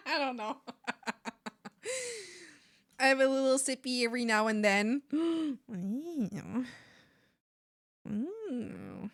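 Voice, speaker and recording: A woman's voice: sits high, very animated, extremely slow, long pauses, fairly bright tone. A woman streamer chatting casually with her viewers, laughing often and swearing offhandedly.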